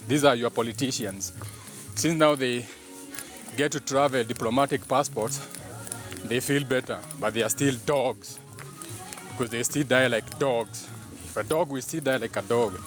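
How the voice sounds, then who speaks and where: A man's voice: medium pitch, normal speed, long pauses, faint music behind. A man chatting casually and joking on a live stream while walking his dog by a road. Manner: chatty, mixing in Swahili phrases, joking. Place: outdoors by a road. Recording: outdoor noise, animals and traffic.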